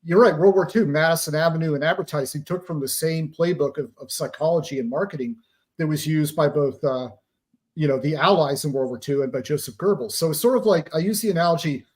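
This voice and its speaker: A man's voice: a little high, a little fast, a little mellow. A man being interviewed as an author, explaining psychological operations in a lecturing way with pop-culture analogies.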